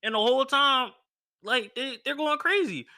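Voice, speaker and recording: Young man, podcast host; casual slangy storyteller, bright, forward tone. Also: very high voice, normal speed. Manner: animated, acts out other people's lines in a raised voice, slangy.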